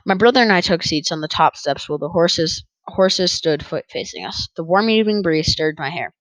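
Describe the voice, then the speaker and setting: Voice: mid-range voice, lively intonation, moderate pace, a bit bright, dry recording, poor audio. Easygoing first-person audiobook narrator. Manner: easygoing, with small stumbles and rereads.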